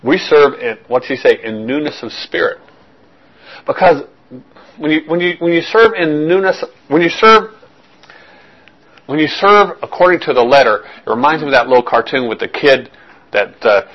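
A pastor teaches a verse-by-verse sermon in a slightly raised, higher-leaning voice at a moderate pace, pausing often. His delivery is conversational, with repeated phrases and frequent check-ins with the congregation, and the audio sounds dull.

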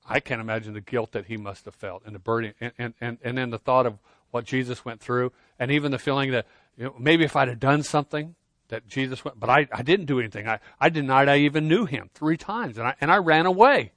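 A man preaching a sermon, earnest, swinging between loud emphasis and quiet intensity, often repeating words as he starts a phrase. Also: medium pitch, fast talker, dry recording. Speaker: pastor.

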